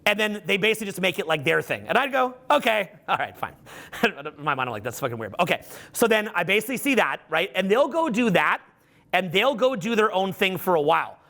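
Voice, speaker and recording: Middle-aged male coach addressing a live audience, high bright voice, swears a lot and acts out the quotes. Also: fairly quick. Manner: animated, profane storytelling with acted-out quotes. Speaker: social skills coach. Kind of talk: live seminar talk.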